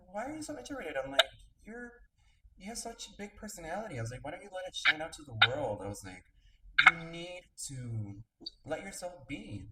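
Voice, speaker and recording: A podcast host in casual interview chat, telling stories animatedly and acting out quotes. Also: mid-range voice. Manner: animated storytelling, acts out quotes. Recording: roomy, distant mic, noisy background.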